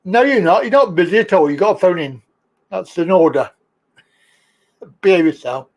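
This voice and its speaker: A man's voice: sits high, sing-song, a little mellow, lo-fi sound. A man hosting a casual live stream, joking, chatty and laughing a lot. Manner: jokey, chatty, laughs often, slow drawl. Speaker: livestream host.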